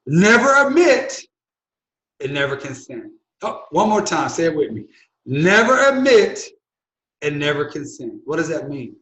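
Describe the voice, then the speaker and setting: A man's voice: on the high side, fairly quick, few pauses, reverberant, poor audio. A man, an attorney, teaching people their rights in an instructional talk, repeating key phrases with the emphasis of a preacher. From United States. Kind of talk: direct-to-camera instructional talk.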